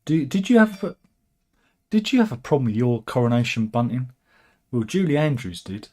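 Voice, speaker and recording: A man's voice: mid-range voice, expressive, normal speed, warm tone. A man hosting a casual, satirical news commentary, wry and chatty with frequent asides. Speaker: host.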